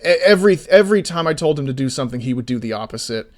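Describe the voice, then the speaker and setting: A man in casual livestream chat who swears freely and rants through his stories. His voice sits at an ordinary middle pitch, and he shifts easily into explaining things. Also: rapid-fire. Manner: swears freely, animated ranting storyteller; slides into explanatory commentary. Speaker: indie game developer streaming.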